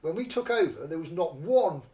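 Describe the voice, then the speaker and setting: A man's voice: a little high, normal speed, far from the mic. A man from North East England, telling stories as an interview guest and acting out the voices of people he quotes. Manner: animated, acts out quoted voices. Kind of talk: conversational storytelling. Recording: roomy echo, somewhat off-mic.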